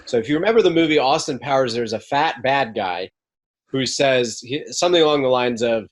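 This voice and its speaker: A young man talks through his experience in a relaxed podcast interview. He speaks candidly, and he often doubles back and restarts a phrase mid-thought. His pitch sits in an ordinary middle range. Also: brisk. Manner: candid, storytelling, frequent restarts. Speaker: podcast guest, mobile home park investor. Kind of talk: casual interview chat.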